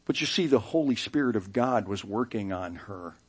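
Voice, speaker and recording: A middle-aged man preaching a sermon as pastor, telling stories in an animated way and acting out the people he quotes. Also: on the low side, normal speed, slightly rough. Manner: animated storytelling, acting out quoted voices with laughs.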